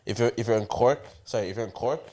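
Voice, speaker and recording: A man's voice: on the low side, fast, a little mellow. A man from Ireland co-hosting a podcast in casual chat, talking hesitantly. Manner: hesitant, many fillers and restarts. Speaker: podcast co-host.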